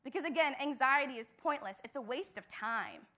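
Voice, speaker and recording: A woman's voice: sits high, expressive, moderate pace, sharp tone. A young woman, a church intern, giving an earnest devotional message with emphatic repetition.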